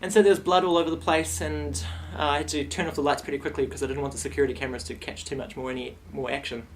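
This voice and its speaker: Young male vlogger; loose, playful comic storytelling with a somewhat high pitch. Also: racing, slight background noise. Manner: rambling, playful, animated retelling.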